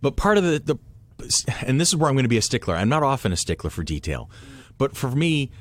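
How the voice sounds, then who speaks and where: A man hosting a casual panel chat at a convention, talking with many halting restarts. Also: medium pitch, sing-song, no echo. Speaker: podcast host.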